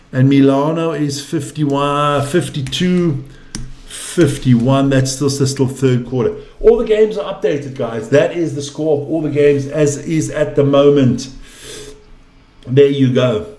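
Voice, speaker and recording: A man's voice: mid-range voice, dark tone. A man giving casual live commentary on a basketball game, exasperated and ranting, swearing freely. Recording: echoey room.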